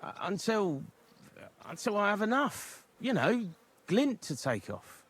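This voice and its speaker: A man's voice: high voice, big pitch swings, unhurried, fairly bright tone, breathy edge, heavily acted. An actor voicing a nervous, stammering male informant with a cockney-like English accent in a video game. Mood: pleading. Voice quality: stammering, jittery. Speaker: game character.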